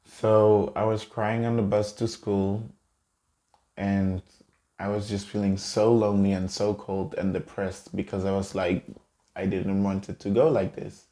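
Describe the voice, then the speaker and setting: A young man telling a personal story in a halting, choked-up way, close to tears. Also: on the low side, level tone, mellow. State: tearful. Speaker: vlogger. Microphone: camera mic, seated in a chair.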